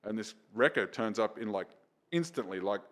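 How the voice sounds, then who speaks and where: A man with an Australian accent, a comedian guest on a podcast, telling stories in lively casual chat and slipping into voices when he quotes people. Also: lowish voice, moderate pace. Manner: animated storyteller, slips into voices for quotes.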